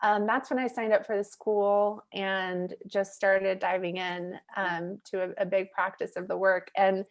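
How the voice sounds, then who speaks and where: A woman speaking as a podcast guest, recounting her own experience in a lively, conversational flow. Her talk is loose and candid, sprinkled with "like" and "you know". She laughs readily between thoughts, in a voice of ordinary middle pitch. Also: unhurried, hardly any pauses. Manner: animated, chatty, peppered with "like" and "you know"; laughs easily while telling stories. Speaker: guest, mindset coach and facilitator. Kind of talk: candid personal storytelling in a podcast interview.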